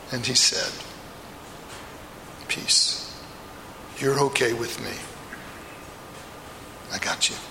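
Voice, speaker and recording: A remorseful apostle , played by a man recounts his story first person in a stage monologue, his gravelly voice pushing hard with a slightly high pitch. The sound rings through a reverberant hall with a long tail. Faint room noise hums behind him. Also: exaggerated voice. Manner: intense storytelling, swells to anguished outbursts. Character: remorseful apostle, a middle-aged fisherman telling his story.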